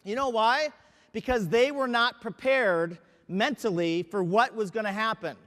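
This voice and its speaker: Male sales trainer with a very high voice, emphatic, quizzing the audience, reverberant hall. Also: unhurried, a bit bright. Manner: emphatic, asks the audience questions. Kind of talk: motivational training talk.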